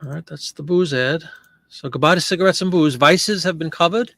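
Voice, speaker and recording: A man's voice: a little high, brisk, creaky, fairly bright tone, no echo, studio quality. A man casually talking through an online listing session, joking and fumbling over French pronunciation. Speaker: online reseller listing print ads.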